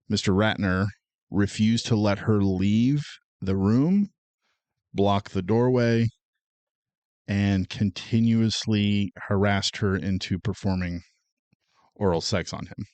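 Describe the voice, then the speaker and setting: A man with a low voice co-hosts a casual film podcast. He goes through his notes in a measured, matter-of-fact way. The sound is close and dry. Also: a little mellow, no echo. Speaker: podcast co-host. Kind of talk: casual chat.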